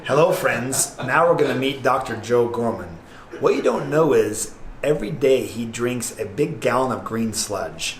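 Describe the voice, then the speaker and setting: A man's voice: mid-range voice, expressive, unhurried, slight background noise. A man hosting a comedic campus introduction video, narrating in a playful mock-serious way. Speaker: host.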